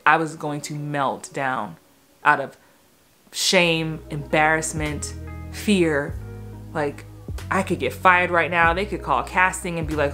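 A woman in her thirties tells a personal story from an acting job, candid and emotional, doubling back on herself as she goes. Her voice sits a little low, and faint music plays softly behind her. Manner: candid, emotional, quick asides and restarts. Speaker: actor and acting coach.

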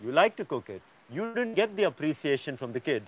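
A man's voice: on the high side, very animated, fairly quick, muffled recording. A man teaching a yoga class, lecturing students emphatically and often checking in with "yeah?".

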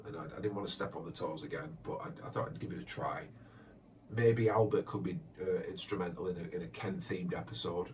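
A man with a very low voice answers fan questions in a hesitant, chatty way, full of restarts. He sounds distant from the mic, and the recording is dull and lo-fi with faint background noise. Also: steady tone, fairly quick, a little mellow. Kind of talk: casual Q&A chat.

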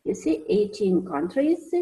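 A woman's voice: medium pitch, very animated, a little slow, dark tone, rough recording. A woman teaching an English lesson, hesitant, with many fillers and restarts. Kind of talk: recorded online lesson.

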